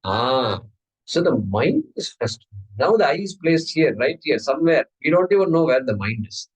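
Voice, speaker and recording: A man's voice: a little high, a little fast, breathy edge, low-quality recording. A man giving a spiritual discourse as teacher, asking his listeners question after question. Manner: questioning, animated. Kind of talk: Vedanta discourse.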